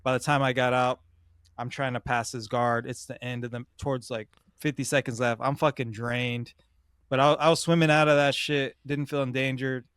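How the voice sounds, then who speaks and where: A man's voice: medium pitch, little pitch movement, moderate pace, fairly bright tone, smooth, no echo, clean studio sound. Slangy young man telling a story. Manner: slangy, swears a lot, says "bro" often. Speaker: podcast host. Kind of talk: casual storytelling.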